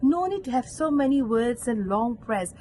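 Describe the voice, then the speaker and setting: Woman, Malaysian English accent, earnest devotional talk, fairly high voice, faint hiss behind. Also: lively intonation, normal speed, a little mellow, low-quality recording. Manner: earnest, acts out quoted voices with sudden pitch jumps. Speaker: catechist. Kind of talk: devotional reflection.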